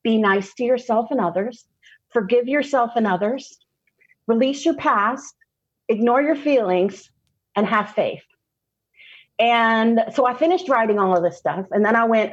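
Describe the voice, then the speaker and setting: A woman, a podcast guest telling a personal story candidly, laughing often and slowing down for emphasis. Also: a little high, animated, husky, muffled recording.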